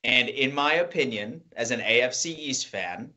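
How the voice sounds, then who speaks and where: A man co-hosting a sports show, giving measured, emphatic football analysis. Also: medium pitch, lively intonation, sharp tone. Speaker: sports podcast co-host.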